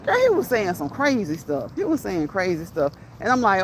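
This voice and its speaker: Her voice is mid-range, with a little hiss or hum on the recording. She's running a laid-back livestream, reading out viewers' chat, answering them, and laughing a lot, all in fast, animated chatter.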